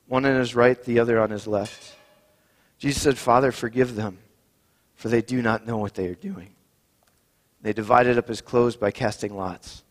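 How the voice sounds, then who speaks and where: A man leading a communion service as pastor, reading Scripture and praying in a measured, solemn way. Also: medium pitch. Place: church sanctuary. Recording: long reverb in a church.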